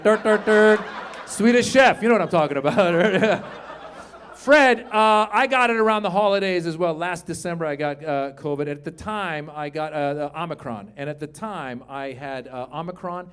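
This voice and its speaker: Man in his 50s, stand-up comedian, animated crowd work, high-pitched, comedy club stage, handheld mic. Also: moderate pace, clean tone.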